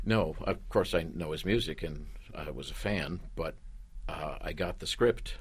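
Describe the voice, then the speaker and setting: A man's voice: rumbling low, a little slow, husky. A man, a stage actor being interviewed, answering with dry, understated humor. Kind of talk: interview conversation.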